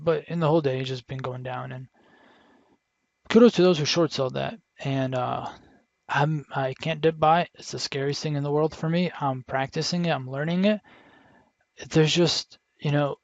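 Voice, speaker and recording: A man's voice: a little high, gravelly, dry recording, dull audio. A young man talking through his trades in a casual, rambling way, full of restarts and quoting his own thoughts. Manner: rambling, frequent restarts and self-quotes. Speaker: day trader vlogger. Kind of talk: casual screen-share commentary.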